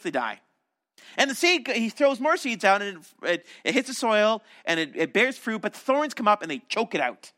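Guy preaching, high bright voice that jumps all over, acts out little voices while he tells it. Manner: animated storytelling, acting out voices of crowds and disciples. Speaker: pastor. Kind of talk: sermon.

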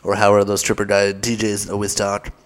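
A man's voice: lowish voice, monotone, a little fast, clear, resonant tone, soft background music. A man hosting a podcast, telling a comic story in a rambling, self-mocking way with lots of fillers. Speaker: podcast host. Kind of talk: comedic storytelling.

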